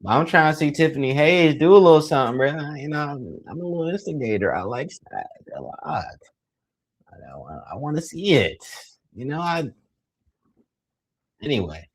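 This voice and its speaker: A young man giving casual live play-by-play commentary, excitable and teasing, full of slang. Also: fairly high pitch, fairly quick.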